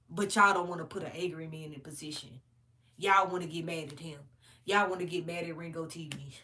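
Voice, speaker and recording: Blunt, profane woman ranting on camera. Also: fairly low pitch. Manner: blunt, profane, animated storytelling; laughs between points. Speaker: commentary vlogger. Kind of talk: casual ranting commentary.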